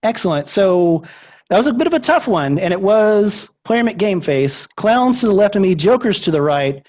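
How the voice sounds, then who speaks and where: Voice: mid-range voice, big pitch swings, moderate pace, a little mellow. Game show host, upbeat, chatty, video call. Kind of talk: hosting a movie trivia game over video call.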